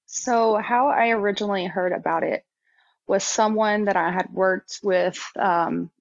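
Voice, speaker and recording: Halting, emotional woman on a dull line. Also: medium pitch, gravelly. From Texas. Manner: halting, full of fillers and restarts, emotional. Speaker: podcast guest. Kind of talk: candid interview conversation. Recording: dull, slightly lo-fi dry sound.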